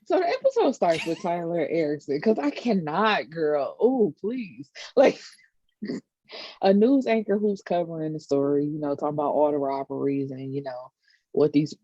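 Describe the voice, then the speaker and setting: Woman co-host, husky voice, dark tone, dull dry lo-fi sound, slangy joking recap. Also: deep voice, lively intonation, moderate pace, no room sound. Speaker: podcast co-host. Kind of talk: casual review chat.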